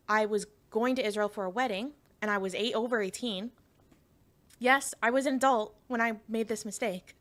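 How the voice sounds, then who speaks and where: Chatting casually on stream, a young woman from Canada speaks in a fairly high, fairly bright voice. She rambles and laughs a lot, restarts her sentences, and addresses her chat directly.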